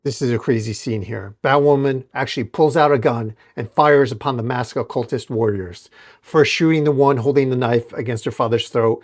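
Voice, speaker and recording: A man hosting a comic book channel, narrating a dramatic comic recap in a steady storytelling manner. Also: mid-range voice, moderate pace.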